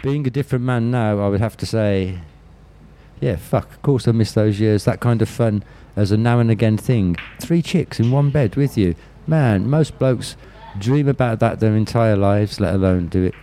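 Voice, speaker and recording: A man's voice: lowish voice, moderate pace, mellow, slight background noise. A man with a Birmingham accent, telling candid stories in an interview with blunt, profane talk and frequent restarts. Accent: Birmingham English. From Birmingham, England. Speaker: interview guest. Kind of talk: candid storytelling.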